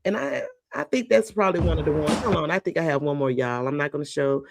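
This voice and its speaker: A woman's voice: sits low, quick pace, vocal fry, a crowd in the background. A woman hosting casual entertainment commentary, chatty and rambling as she talks straight to her viewers. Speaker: host.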